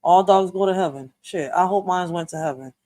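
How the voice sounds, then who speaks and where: A woman's voice: on the low side, brisk, dark tone. A woman hosting a reaction video, chatting in a slangy, casual way straight to her viewers.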